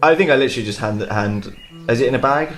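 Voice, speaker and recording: A man's voice: medium pitch, fast, faint music behind. A man playing a tabletop game, joking casually in and out of character. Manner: jokey, casual, swears. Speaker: player. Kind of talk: tabletop role-play, in and out of character.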